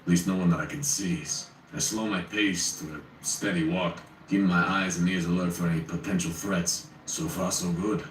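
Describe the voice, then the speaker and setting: A man's voice: low-pitched, fairly even intonation, moderate pace, hardly any pauses. A man narrating a first-person horror story in a wry, conversational way. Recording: roomy, distant, faint noise.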